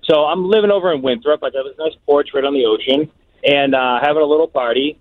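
A man's voice: a little high, quick pace, no room sound. Man calling in on a tinny phone. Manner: animated, laughing storyteller. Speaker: caller. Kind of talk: phone-in storytelling.

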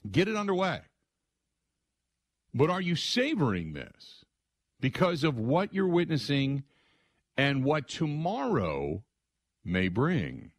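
A middle-aged man hosting a sports radio show, telling stories in an excitable, conversational way and acting out other people's lines. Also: fairly high pitch, slow pace, pauses often, dry recording. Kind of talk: animated storytelling monologue.

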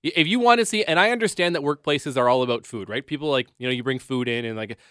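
A man co-hosting a radio show, rambling excitedly in casual studio chat. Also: medium pitch, fast talker, clean tone, no echo. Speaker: radio co-host.

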